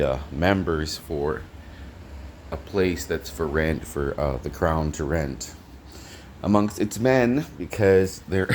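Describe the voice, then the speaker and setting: A man with a low, deep voice and a Canadian accent talks to a handheld camera in a small apartment kitchen. He rambles and halts, trails off with fillers, and speaks fondly in pet names. There is a faint hiss of noise behind him. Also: darkish tone. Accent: Canadian English. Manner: halting, full of fillers and trailing restarts; affectionate, talks in pet names to an absent listener and his cat. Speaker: vlogger. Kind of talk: rambling home vlog talk to camera.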